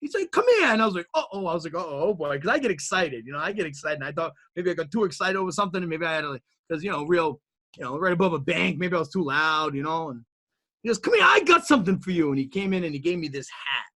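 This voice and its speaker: A man being interviewed as an entrepreneur, telling his story in an animated, motivational way that builds to emphatic peaks, with frequent repeated words and restarts. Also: fairly high pitch, fast. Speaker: guest entrepreneur.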